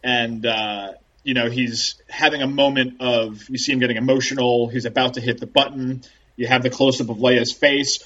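A man chats casually on a podcast, his voice slightly husky and breathy. He retells scenes with animation, putting on little voices for the characters. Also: medium pitch, steady tone, moderate pace, fairly bright tone, distant mic, dull audio. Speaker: podcast co-host. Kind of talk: casual chat.

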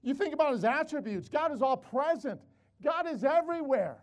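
An older man preaching with a strikingly high voice that leaps up and down. He tells stories animatedly, repeating words as he goes, and calls out to the congregation. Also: expressive, normal speed. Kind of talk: sermon.

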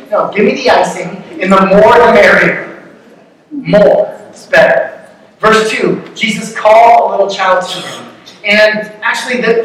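A man's voice: high voice, fairly bright tone. Man preaching in an echoey hall. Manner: conversational, joking, rhetorical questions. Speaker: pastor. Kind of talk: sermon. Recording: echoey hall, distant mic, faint noise.

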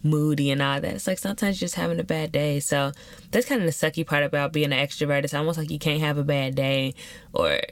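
A woman's voice: sits low, fairly even intonation, fast, no echo. A young woman hosting a podcast, talking candidly and animatedly in slangy casual chat. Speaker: podcast host.

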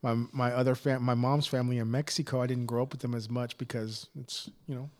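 Chill texas dude, mid voice, stammers a bit and cusses casually. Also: male voice, medium pitch, a little fast, few pauses. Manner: relaxed, swears casually, stammers on repeats. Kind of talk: casual podcast chat.

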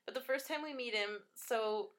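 A woman's voice: on the high side, moderate pace, fairly bright tone. A woman chatting casually about a film, rambling with lots of fillers and laughing often.

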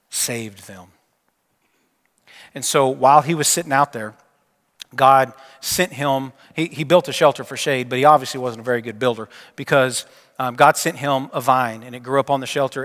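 A pastor preaches in a church sanctuary with a long hall reverb. His voice sits at an ordinary middle pitch. He tells the story plainly, asks his listeners questions, and often sinks to a hushed, low voice to land a point. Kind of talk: sermon.

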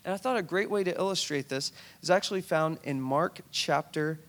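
A male pastor delivers a conversational sermon, retelling a scripture story in an animated, storytelling way. His voice is fairly high and his pace is brisk.

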